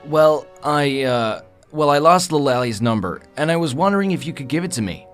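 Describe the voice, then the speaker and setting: A man's voice: on the high side, animated, brisk, a bit bright, soft background music. A man voicing an obsessive, demanding young stalker ex-boyfriend in a Minecraft roleplay. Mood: awkward pleading. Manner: pushy and demanding, turns threatening.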